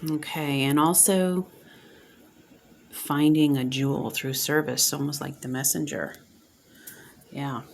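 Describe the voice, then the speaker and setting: A woman reading spiritual oracle cards aloud, soft-spoken and gushing, sometimes dropping to near-whispers. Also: sits low, steady tone, takes it slowly, gravelly, long pauses, a little hiss or hum. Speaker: oracle card reader.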